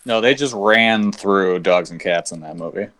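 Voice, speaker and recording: A man's voice: low-pitched, moderate pace, fairly bright tone. A man co-hosting a podcast, talking enthusiastically and with profanity in casual chat. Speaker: podcast co-host.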